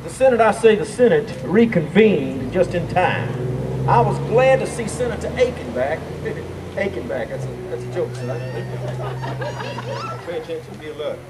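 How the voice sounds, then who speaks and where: A man playing a pompous old Southern senator with a Southern accent, booming and repeating himself. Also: very animated, normal speed. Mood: blustering. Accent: American Southern. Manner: booming, pompous, repeats "I say", laughs at own jokes. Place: front porch and lawn outdoors. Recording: distant camcorder mic, noisy outdoors.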